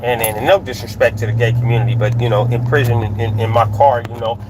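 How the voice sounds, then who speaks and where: A man in casual, slangy storytelling, animated and full of restarts, recorded outdoors near traffic. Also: medium pitch, fast. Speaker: storyteller recounting prison life.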